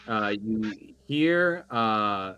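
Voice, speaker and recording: A man narrating as game master on an online call, with a halting delivery full of fillers. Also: lowish voice, expressive, pushed and bright, a little hiss or hum.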